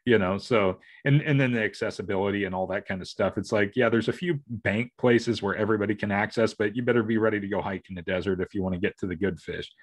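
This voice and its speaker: A middle-aged podcast co-host chats casually in a lowish voice, talking fast with hardly any pauses. He rambles, restarts often, and acts out lines from his family members.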